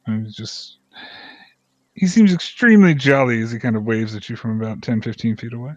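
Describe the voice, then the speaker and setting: A man's voice: lowish voice, steady tone, fast talker, no echo, dull audio. A man narrating a tabletop game as game master, rambling and hesitant, with many fillers.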